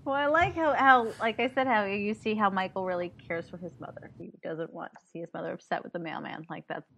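Woman chatting about a movie on a podcast, laughs a lot, animated retelling. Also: medium pitch, fairly quick, creaky. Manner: animated, laughs often, acts out lines from the film. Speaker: podcast co-host. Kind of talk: casual movie recap chat.

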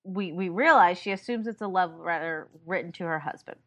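A woman co-hosting a casual podcast, recapping a movie with lots of laughter and lively retelling. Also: lowish voice, a little fast. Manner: animated, laughs often, acts out lines from the film. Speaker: podcast co-host.

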